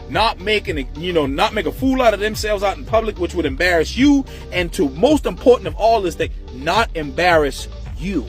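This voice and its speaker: High-voiced ranting man. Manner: blunt, animated, heavy cursing. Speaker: commentator reacting to a viral video. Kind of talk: profane ranting commentary.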